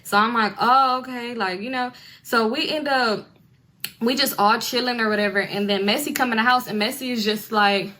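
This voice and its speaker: A woman's voice: fairly high pitch, fairly even intonation, normal speed, sharp tone. A young woman tells a long, chatty storytime full of slang and acted-out quotes from relatives. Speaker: storyteller in a reacted video. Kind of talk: casual storytime.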